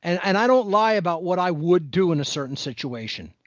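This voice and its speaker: Man, high voice, blunt and preachy, impassioned monologue, dull dry lo-fi sound. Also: expressive, fairly quick, dry recording. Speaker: podcast guest.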